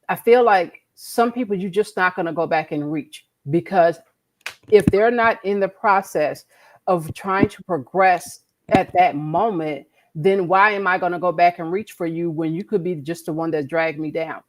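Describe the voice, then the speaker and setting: This podcast co-host speaks a little slowly, her voice on the low side. Chatting casually, she comes across as earnest and preachy, with repeated words punctuating her argument.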